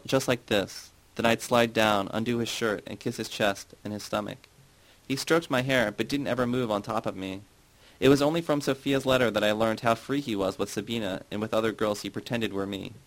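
A man's voice: medium pitch, natural voice, low-quality recording. A man reading the part of a middle-aged woman who confesses old memories, then turns sarcastic and provoking.

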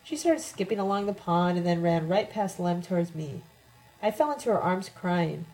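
Woman narrating an audiobook, mellow warm tone, expressive reading. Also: fairly low pitch, moderate pace, poor audio. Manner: expressive first-person reading. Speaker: audiobook reader.

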